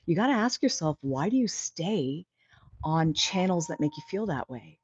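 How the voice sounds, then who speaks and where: A woman's voice: fairly low pitch, expressive, normal speed, darkish tone, slightly rough, no room sound, dull audio. A woman hosting a casual livestream, reading viewer comments aloud and answering them in an earnest, encouraging way that rambles a little. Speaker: livestream host.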